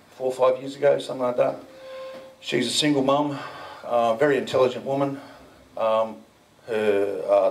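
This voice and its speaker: A man's voice: medium pitch, creaky, a little mellow, far from the mic, low-quality recording. A man speaking at a conference, telling a story to the audience in a loose, chatty way with rambling asides and mild swearing. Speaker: conference speaker, crypto business founder. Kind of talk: casual storytelling talk to an audience. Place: indoor event venue.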